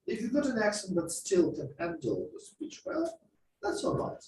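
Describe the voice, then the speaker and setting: A man's voice: high-pitched, moderate pace, roomy sound, recorded from a distance, slight background noise, poor audio. A man giving a masterclass on speaking skills, explaining and acting out examples to a class. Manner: lively, explanatory, acts out examples. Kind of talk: masterclass lecture. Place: classroom or lecture hall.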